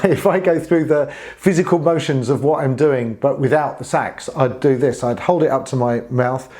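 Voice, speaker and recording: A man's voice: a little high, moderate pace, a little mellow. A man teaching saxophone in a casual spoken tutorial, friendly and earnest, sometimes growling gritty sounds to demonstrate.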